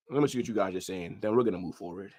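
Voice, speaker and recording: A man ranting angrily on a football livestream, profane, swinging from shouts to low mutters. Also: breathy edge. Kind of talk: livestream rant.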